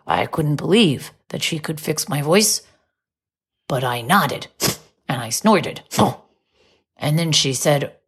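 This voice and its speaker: A woman narrating a children's storybook from a dog's point of view, gentle and expressive, rising high when surprised. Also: slow pace, long pauses, breathy edge.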